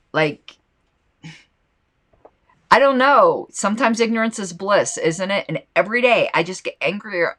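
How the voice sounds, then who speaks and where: A woman with a fairly low, fairly bright voice and a slight lisp hosts a solo podcast. Between passages she reads aloud, she talks in a rambling, impassioned and indignant way.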